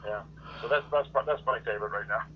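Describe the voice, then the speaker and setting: A male podcast guest with a fairly low voice talks fast in a casual chat over phone-like call audio with a little hiss or hum. He sounds hesitant as he recalls things, filling his speech with lots of ums and uhs.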